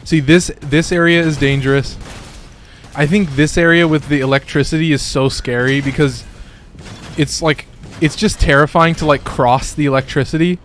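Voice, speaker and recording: A young man commentating casually on his live stream, rambling and excitable, often saying "like", with the odd curse. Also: fairly high pitch, moderate pace, slight background noise.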